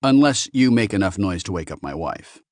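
A man doing a gruff, defiant rancher. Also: deep voice, very animated, normal speed, a little mellow, no room sound, clean studio sound. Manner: terse, defiant.

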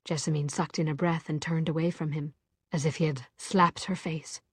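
A woman narrating a novel in a measured, expressive storytelling voice. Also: deep voice, slightly rough, no echo. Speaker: audiobook narrator. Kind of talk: scripted narration.

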